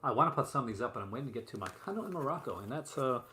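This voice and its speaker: A man's voice: mid-range voice, expressive, rapid-fire, pushed and bright. A man hosting a casual live stream, chatty and rambling as he shows off movie releases at home. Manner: chatty and rambling, many fillers and asides. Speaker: host showing physical media releases. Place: room at home. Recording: roomy echo, faint room noise.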